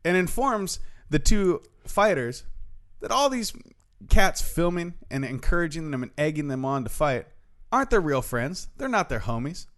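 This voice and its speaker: A man's voice: fairly high pitch, normal speed. A man co-hosting a podcast, telling stories in casual chat and swearing a lot. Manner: animated storytelling, heavy swearing. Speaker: podcast co-host.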